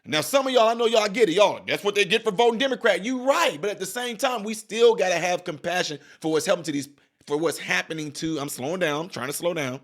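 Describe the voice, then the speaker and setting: A man's voice: high-pitched, brisk. A man giving heated reaction commentary, preaching straight at his viewers and hammering home repeated rhetorical questions. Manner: addresses viewers directly as y'all. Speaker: political commentator.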